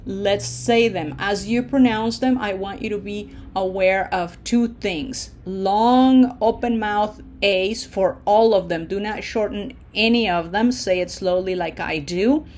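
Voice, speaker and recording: A Spanish teacher with a mid-range, slightly mellow voice gives a language lesson over slides, with slight background noise. She's patient and deliberate, checks in often, and stretches her vowels when modeling words.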